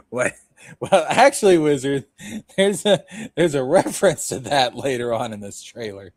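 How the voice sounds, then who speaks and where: A man's voice: medium pitch, expressive, measured pace, long pauses, no room sound. A man hosting a casual reaction stream, profane and joking, laughing often. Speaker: host.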